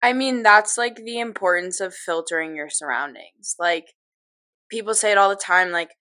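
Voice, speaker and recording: A woman's voice: medium pitch, normal speed, bright, forceful tone. A woman in her twenties co-hosting a podcast, talking candidly with lots of filler words. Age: 20s. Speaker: podcast co-host. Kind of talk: casual chat.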